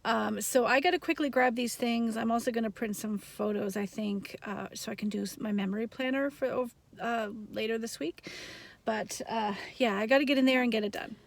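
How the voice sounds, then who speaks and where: A woman's voice: a little high, brisk, creaky, reverberant. A woman vlogging about her day in a casual, rambling way, often laughing. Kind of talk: casual vlog narration. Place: home kitchen.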